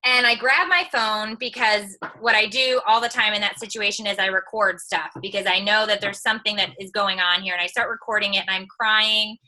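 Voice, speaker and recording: A woman's voice: mid-range voice, fairly quick, hardly any pauses, bright, forceful tone, rough recording. A woman who makes online videos, giving a chatty, candid motivational talk on a live video stream. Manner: candid, chatty storytelling with humor. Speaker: online video creator and mom.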